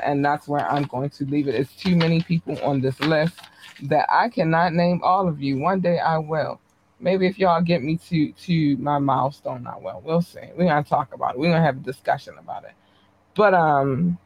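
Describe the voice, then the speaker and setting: A woman podcast host giving casual live-stream shout-outs to her listeners, talking in a slangy, blunt, chatty way. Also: low-pitched, no echo.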